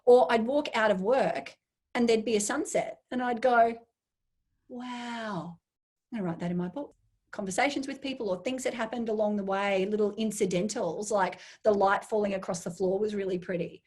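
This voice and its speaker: A woman's voice: a little high, moderate pace. A woman, a make-up artist from Australia, chatting as an interview guest and acting out inner voices as she tells stories. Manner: animated storyteller, acts out inner voices. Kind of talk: casual interview chat.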